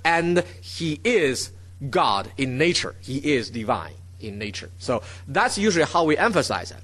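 Animated man teaching Bible study. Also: on the high side. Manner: keeps checking in with the listeners; stresses key words, repeats for emphasis.

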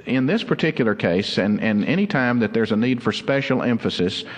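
A man preaching a sermon as pastor, earnest and explanatory, slowing down to stress key words. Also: medium pitch, lively intonation, in a large hall. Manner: earnest, explanatory, slows down for emphasis.

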